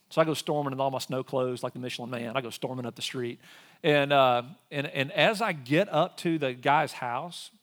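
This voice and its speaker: A man's voice: medium pitch, a bit bright. A man in his forties, a pastor telling a personal story in a sermon and acting out both sides of an argument. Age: 40s.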